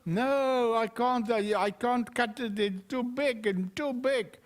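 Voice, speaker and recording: A man voicing a stingy buyer who haggles over a pumpkin, in a raised voice at a slow pace. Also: extremely high pitch, pitched above the performer's own voice. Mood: haggling. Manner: haggling, curt.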